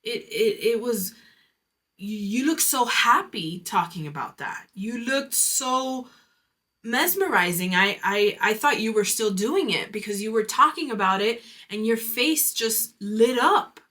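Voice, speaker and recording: A woman quoting a kind older woman who gently encourages her, in a soft, earnest way. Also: a little high, expressive, measured pace.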